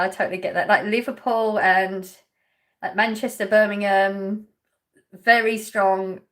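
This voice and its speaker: Reading out viewers' comments between laughs, a woman from England chats on her casual live stream. She has a medium-pitched voice that is a bit bright.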